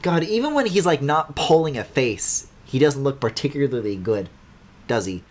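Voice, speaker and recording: Streaming a game with faint music behind him, a man speaks at normal speed in a medium-pitched voice with lively intonation. His casual let's-play commentary is sarcastic, meandering, and full of curses.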